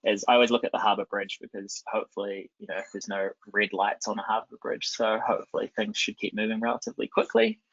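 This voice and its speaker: A man walks through a live software demo in a loose, chatty way, full of ums and restarts. His fairly low voice has a gravelly, husky edge but still sounds bright and forward. The recording is dull and lo-fi. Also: lively intonation, quick pace, few pauses. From New Zealand. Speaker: conference presenter.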